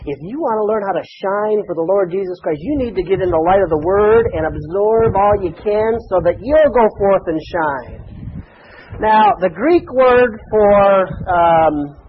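A man's voice: high-pitched, lively intonation, unhurried, phone-quality sound, slight background noise. A man preaching a sermon to a congregation in a folksy, conversational way, with chatty asides. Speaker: pastor.

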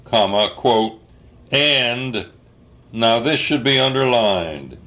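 An older man dictating an article slowly, saying the punctuation aloud, spelling out words, pausing often with uhs. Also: lowish voice, lively intonation, fairly bright tone. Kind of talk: slow dictation with spoken punctuation.

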